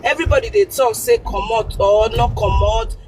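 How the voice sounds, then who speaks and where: A woman caller speaking in a Nigerian Pidgin accent gives earnest advice over the phone, repeating her points for emphasis. Her voice is fairly high and very animated, at a normal speed, with background noise on the line.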